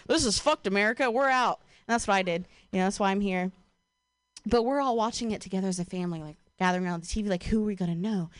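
A young woman from Ohio doing a stand-up comedy set, casual and profane, with a deadpan delivery broken by her own laughs. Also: mid-range voice, clean tone, dry recording.

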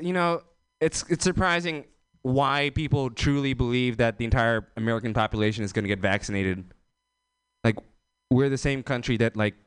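Guy doing open mic standup, rambly, lots of ums, clean smooth voice, dead dry sound. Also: mid-range voice, dry recording. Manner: rambling, self-deprecating, filler-heavy delivery. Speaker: stand-up comedian.

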